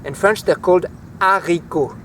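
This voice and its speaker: A man walking through a home vegetable garden outdoors, naming plants and teaching their French words in a relaxed, chatty way. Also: high voice, normal speed, slight background noise. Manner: relaxed, chatty, easily enthused. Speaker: language teacher giving a garden tour.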